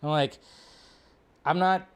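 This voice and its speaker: A young adult man hosting a casual live stream, rambling and animated, with frequent restarts. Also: a little high, slow, clean tone. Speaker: host.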